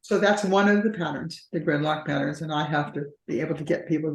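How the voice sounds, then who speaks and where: A woman's voice: deep voice, fairly quick. A woman couples therapist explaining patterns in a conversational interview, often acting out what partners say. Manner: acts out partners' voices in quoted dialogue. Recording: roomy echo.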